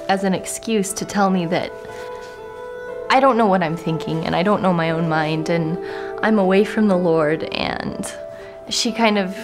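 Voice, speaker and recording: Woman, 20s, documentary interviewee; soft, halting delivery, slightly low register, faint music under. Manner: hesitant, soft-spoken, many fillers. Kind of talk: candid interview.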